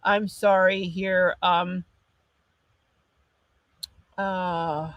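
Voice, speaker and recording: A woman's voice: lowish voice, flat delivery, extremely slow, dry recording, dull audio. Chatty, apologetic woman hosting a livestream. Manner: chatty and apologetic, with frequent restarts. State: runny nose. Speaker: livestream host. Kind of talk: casual livestream chat reading viewer comments.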